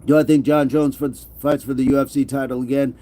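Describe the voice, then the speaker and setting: A man's voice: medium pitch, little pitch movement, brisk, warm tone. A middle-aged man hosting a casual livestream, reading chat comments and joking, now and then slipping into a mock movie-gangster voice. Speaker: livestream host.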